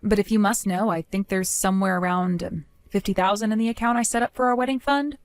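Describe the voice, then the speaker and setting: An actress in a voiced drama speaks as a calm young woman who defends her savings. Her pitch is medium and close to an everyday voice, and her delivery is firm, measured and articulate.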